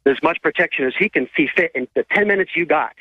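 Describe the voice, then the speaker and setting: A man calling in to a talk radio show, speaking haltingly with fillers. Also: on the high side, no room sound. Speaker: caller. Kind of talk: phoned-in talk radio call. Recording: muffled phone-in line.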